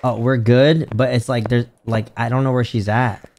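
A young man streaming a ghost-hunting game, chatting casually, excitable and swearing often. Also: mid-range voice, moderate pace, a little hiss or hum. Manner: excitable, swears a lot, jumpy. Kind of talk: casual gaming stream chat.

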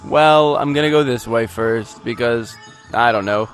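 A let's play gamer with a medium-pitched, clear, resonant voice narrates his game at a measured pace while faint music plays behind him. His commentary is rambling, goofy and self-mocking, broken by sudden outbursts.

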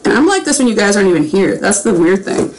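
A woman's voice: medium pitch, sing-song, quick pace, slight background noise, rough recording. A young woman chatting casually on a livestream while signing autographs, rambling and self-aware.

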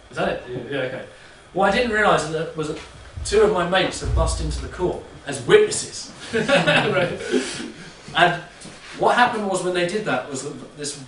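A man whose voice is on the high side and a bit bright chats loosely to a live audience, often checking in with "yeah?". Faint noise and echo come through the distant mic in the room where the audience sits.

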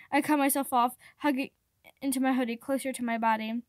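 A woman reading a fan fiction chapter aloud, steady with occasional stumbles over words. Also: high-pitched, brisk, no room sound, clean studio sound. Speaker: reader.

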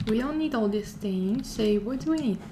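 Her voice runs high and animated at a moderate pace as she streams a horror game. Talking to herself in fright, she keeps repeating things and lowering to whispers, while loud game music and background noise accompany her.

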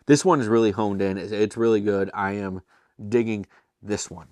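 A man hosts a laid-back beer tasting review in a fairly low voice. He talks enthusiastically and chattily, with self-deprecating asides. The recording is dry and close, with no room sound. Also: steady tone, normal speed, a little mellow, dry recording. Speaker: beer reviewer and show host.

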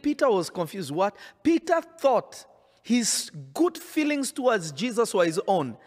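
A man's voice: extremely high pitch, sing-song, a little slow. A man preaching a sermon in an emphatic, insistent way, often repeating his phrases.

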